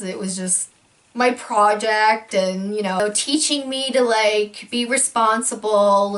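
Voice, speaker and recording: A young woman telling a casual storytime vlog, full of likes and ums, jumping into high voices when she acts out quotes. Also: fairly bright tone. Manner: filler-heavy, many likes and ums.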